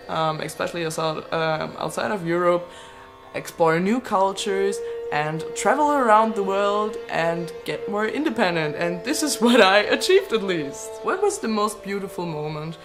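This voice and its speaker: A woman's voice: medium pitch, lively intonation, moderate pace, music in the background. A woman in her twenties chatting casually as a vlogger answering viewer questions, laughing often and swearing freely. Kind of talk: casual Q&A chat.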